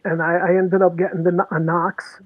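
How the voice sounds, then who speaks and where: A man's voice: sits high, little pitch movement, moderate pace, dry recording. A man from Brooklyn with a New York accent, chatting casually as a guest on a video call. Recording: tinny phone-like call audio, dry.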